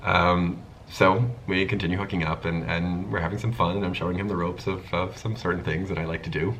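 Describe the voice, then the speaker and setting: A man's voice: low-pitched, brisk, slight background noise, low-quality recording. A man hosting his own channel, telling a casual storytime and acting out the people in it as he goes. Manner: animated storytelling, acting out the dialogue. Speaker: YouTube host.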